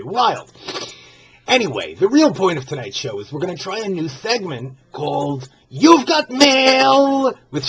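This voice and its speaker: A man's voice: high voice, fairly bright tone. A man voicing a brassy, gossipy older Jewish woman who hosts a comedy show, talking in a flamboyant, theatrical way. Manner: flamboyant, theatrical, keeps gushing "fabulous". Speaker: host of a comedy show segment. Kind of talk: comedic character monologue.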